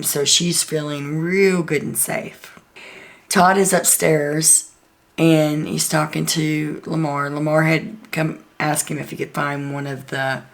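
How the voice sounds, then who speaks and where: A woman's voice: sits low, vocal fry. A woman host chatting through a casual, gossipy recap of a reality show, full of "like" and "um".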